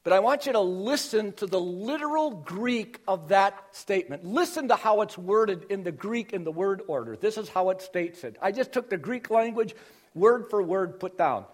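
High-voiced man preaching an emphatic sermon. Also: lively intonation, moderate pace. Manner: emphatic teaching, shifting from loud stresses to quiet intensity. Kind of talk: expository sermon.

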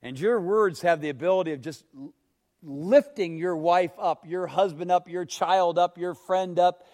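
Preaching in a slightly high voice, this man takes an unhurried pace, moving from quiet, hushed lines to loud, emphatic bursts while putting questions to his listeners.

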